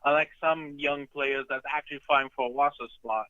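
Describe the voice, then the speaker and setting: A man's voice: fairly high pitch, fairly even intonation, brisk, clean tone, no room sound, narrow, tinny audio. A man calling in to a talk show, chatting casually and hesitating with many ums. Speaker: caller. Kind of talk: casual chat on a call-in show.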